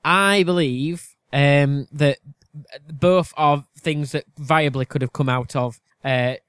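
A man's voice: on the high side, fairly even intonation, takes it slowly, fairly bright tone, smooth, no room sound. A man answering quiz questions in casual chat, thinking aloud hesitantly. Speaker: quiz contestant and co-host.

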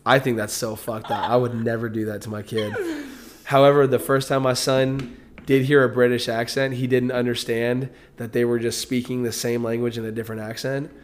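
A man's voice: mid-range voice, level tone, a little fast, slight background noise. A young American man who is a parent, chatting casually with a loose, profane, emphatic storytelling style. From United States. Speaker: parent, co-host. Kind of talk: casual chat.

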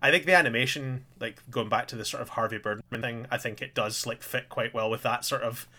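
A man co-hosting a casual podcast chat about an anime, animated and given to loud quoted voices when retelling scenes. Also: mid-range voice, brisk. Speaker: podcast co-host.

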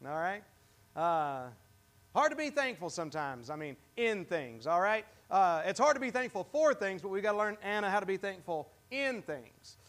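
High-voiced pastor quizzing his congregation. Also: big pitch swings, fairly bright tone. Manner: conversational, asks the congregation questions; halting, with many restarts. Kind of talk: interactive sermon. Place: church.

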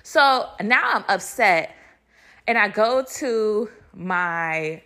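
A young woman hosting a podcast, telling a story in a casual, animated way, cursing freely and laughing between lines. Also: medium pitch, drawn-out words. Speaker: podcast host.

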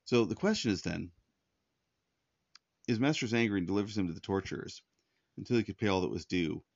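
A man's voice: on the low side, brisk, vocal fry, no echo, highs cut off. A man preaching a sermon, teaching in an earnest, conversational way and often restarting his sentences. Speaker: pastor.

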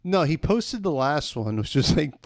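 A man's voice: on the high side, sing-song, moderate pace, dry recording, studio quality. A man chatting casually as a podcast co-host, telling rambling stories full of fillers. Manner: rambling storyteller, heavy on "like" fillers. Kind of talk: casual chat.

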